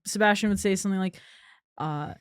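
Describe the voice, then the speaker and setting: A woman's voice: mid-range voice, fairly quick, clean tone, no room sound, studio quality. A woman in her twenties co-hosting a podcast, telling stories in a giggly, crude, joking way. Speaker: podcast co-host. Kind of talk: casual chat.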